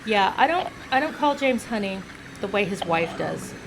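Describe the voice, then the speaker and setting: A woman's voice: mid-range voice, animated, moderate pace, vocal fry, noisy background. An American woman giving chatty gameplay commentary, talking to the game's hero the way she talks to a pet. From United States. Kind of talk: casual game commentary.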